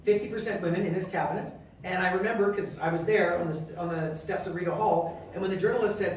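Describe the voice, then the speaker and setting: A Canadian man, a member of parliament and guest speaker, telling stories in an animated way and acting out quoted dialogue. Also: high voice, quick pace. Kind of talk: storytelling talk. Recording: echoey and distant, faint noise.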